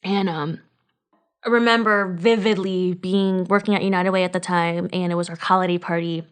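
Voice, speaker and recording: A woman's voice: on the low side, fairly even intonation, moderate pace, clean tone. A woman in her thirties from Connecticut, co-hosting a podcast in casual chat, speaking emotionally and swearing freely. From Connecticut, USA. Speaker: podcast co-host.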